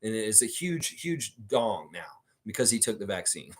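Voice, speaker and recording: A man's voice: lowish voice, sing-song, normal speed. Blunt man hosting a livestream chat. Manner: blunt, swears freely; talks about himself in the third person. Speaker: sports livestream host. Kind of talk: casual livestream chat reading viewer comments.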